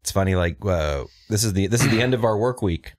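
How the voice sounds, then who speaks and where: A man with a very deep voice hosting a casual podcast. He rambles in a relaxed way with lots of fillers, yet his intonation stays lively. The recording is dry and close. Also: quick pace, no room sound. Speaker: podcast host. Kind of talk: casual chat.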